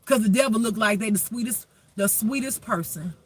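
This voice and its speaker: A man's voice: high-pitched, a little fast, slight background noise. A man giving a spiritual reading as a life teacher, preaching emphatically with rhetorical questions.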